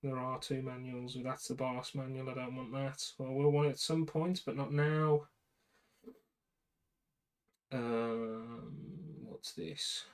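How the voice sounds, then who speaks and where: A man's voice: medium pitch, little pitch movement, takes it slowly, long pauses, clear, resonant tone, rough recording. A man with a British accent chatting casually to himself and the camera while building a computer, with muttered asides. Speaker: PC builder vlogger.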